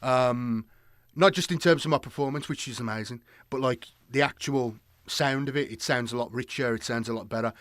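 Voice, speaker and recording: A man's voice: medium pitch, fairly quick, fairly bright tone, no echo, clean studio sound. A man chatting casually to his live-stream viewers, rambling and repeating himself with many fillers.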